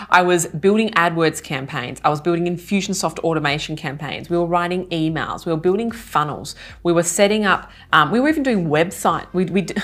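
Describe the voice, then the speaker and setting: A woman in her thirties, a business coach telling a story casually to camera in an animated, self-mocking way, laughing now and then. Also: on the low side. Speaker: retreat organizer and business coach.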